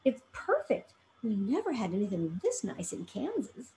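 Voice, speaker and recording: A woman's voice: medium pitch, huge pitch swings, moderate pace, warm tone, a little hiss or hum. A woman doing eager little Dorothy. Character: eager young girl Dorothy, sweet and earnest.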